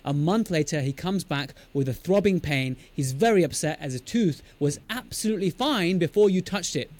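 A male podcast host chatting with a dentist guest, quick and chatty, often restarting his words. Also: on the high side, animated, a little mellow. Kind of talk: conversational podcast interview.

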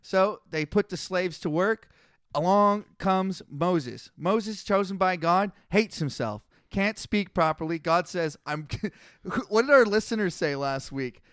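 A man tears through a story as a podcast co-host, crude and quick, tossing in silly voices along the way. His voice sits high and comes through smooth and clear. The sound is dry and close. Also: lively intonation, fairly bright tone, dry recording. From Canada. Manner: crude, rapid-fire storytelling with mock character voices. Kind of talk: casual comedic retelling.

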